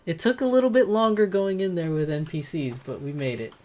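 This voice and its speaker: A woman's voice: lowish voice, fairly quick, dark tone, a little hiss or hum. A woman casually commenting aloud while playing a game, reacting as she goes. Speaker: gamer. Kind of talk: gameplay commentary.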